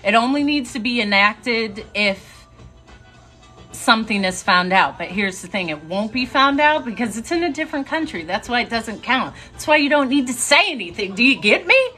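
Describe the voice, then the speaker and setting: A young woman casually telling a story to a live audience, chatty and animated and laughing now and then. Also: on the high side, moderate pace, faint music behind.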